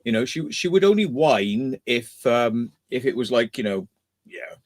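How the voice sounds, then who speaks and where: A man's voice: medium pitch, expressive, measured pace, no echo. A man hosting a casual livestream, rambling and swearing freely as he chats and reads out viewer comments. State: kidney stone trouble. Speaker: livestream host.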